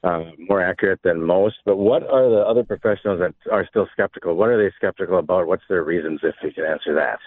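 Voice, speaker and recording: Caller: deep, fast-talking man, dry tinny phone line. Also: dry recording. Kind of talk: phoned-in question.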